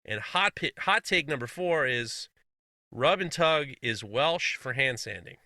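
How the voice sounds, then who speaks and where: A man's voice: mid-range voice, expressive, measured pace, pushed and bright, no echo. A man co-hosting a casual podcast, reading listener messages aloud with frequent laughs and blunt, swearing asides.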